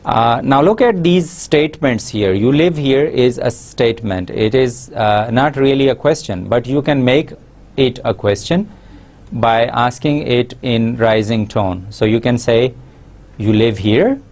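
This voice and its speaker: A man giving a recorded university lesson, explaining slowly with many pauses and fillers. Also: medium pitch, a little mellow. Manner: slow, explanatory, frequent uh fillers. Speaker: English lecturer.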